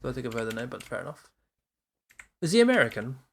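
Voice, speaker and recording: A man's voice: medium pitch, sing-song, fast, gravelly, fairly bright tone, a little hiss or hum. A man co-hosting a casual podcast, throwing in joking quips with plenty of fillers. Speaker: podcast co-host. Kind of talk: casual chat.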